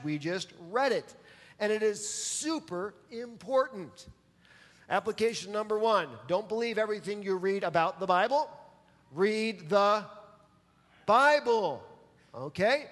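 A man's voice: high-pitched, fairly bright tone, long reverb tail. A man preaching a sermon as pastor, emphatic and pressing his listeners to answer back. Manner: emphatic, calls for audience response.

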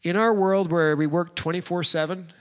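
A pastor with a voice set a little higher than most men's delivers a sermon in a direct, plain-spoken way, speaking straight to the men in front of him. Each line rings out into a long hall reverb. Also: male voice, steady tone, moderate pace.

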